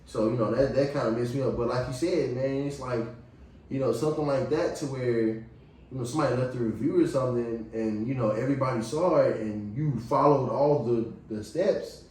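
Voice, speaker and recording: A man's voice: mid-range voice, brisk, darkish tone. Laid-back man, echoey distant mic. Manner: laid-back, laughs along, short reactions. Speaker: podcast co-host. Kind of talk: casual chat. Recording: echoey room, mic far off, faint noise.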